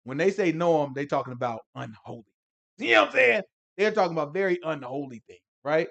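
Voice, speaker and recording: Animated high-voiced man teaching scripture. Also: fast talker, creaky, lo-fi sound. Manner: animated, acts out scenes, conversational slang. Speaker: Bible teacher. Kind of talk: casual Bible lesson.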